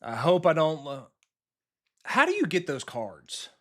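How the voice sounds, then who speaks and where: A man streaming a football video game live, talking casually and bluntly with his viewers and reacting quickly to the plays. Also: fairly high pitch, wildly swooping pitch. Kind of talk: live gameplay commentary, chatting with viewers.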